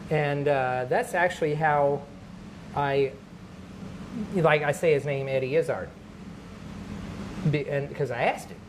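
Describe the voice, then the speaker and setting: Animated male comedian telling stories. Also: fairly high pitch, slow pace, pauses often, noisy background. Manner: animated storyteller, slips into character voices. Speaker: guest comedian. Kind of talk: casual podcast chat.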